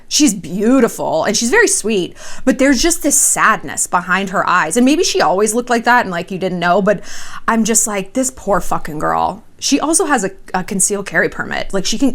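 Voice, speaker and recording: A young woman hosts her vlog with celebrity gossip and relationship advice. She talks bluntly and sassily, swears freely, and her voice sits at a middle pitch. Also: animated, moderate pace. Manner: blunt, profane and sassy. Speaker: vlogger host.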